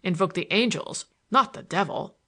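A woman's voice: mid-range voice, normal speed, sharp tone. Woman voicing priest, kindly, earnest, wry, close to her own voice, audiobook. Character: gentle middle-aged priest, sympathetic and kind.

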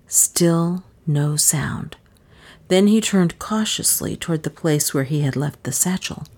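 A woman narrating a mystery novel aloud in a measured, unhurried reading, voicing the characters' lines. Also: sits low, a little mellow, husky. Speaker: audiobook narrator. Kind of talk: scripted narration.

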